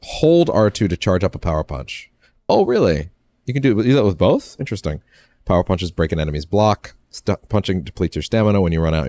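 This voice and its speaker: A man's voice: deep voice, dark tone. A man casually commenting as he streams a game, rambling and often restarting his phrases.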